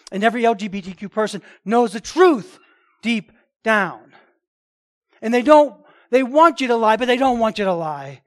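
A man's voice: sits high, lively intonation, moderate pace. A man preaching a sermon, emphatic and repetitive, often restarting his phrases. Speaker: pastor.

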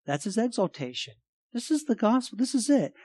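A male pastor preaching a sermon, emphatic, swinging between loud and quiet and repeating phrases. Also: high voice, big pitch swings, a little fast, no room sound.

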